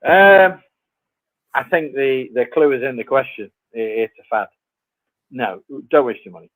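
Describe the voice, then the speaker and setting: A man's voice: medium pitch, expressive, a little slow, fairly bright tone, no room sound, poor audio. A man answering viewer questions as a guest on a live stream, plain-spoken and laughing easily.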